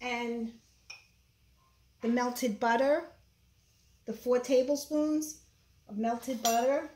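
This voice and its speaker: A woman's voice: on the high side, steady tone, slow, a little mellow, slight background noise. Chatty Brooklyn woman cooking at home. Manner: chatty, opinionated, frequent fillers. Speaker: home cook. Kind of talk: casual cooking demonstration. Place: home kitchen. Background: clattering dishes and utensils.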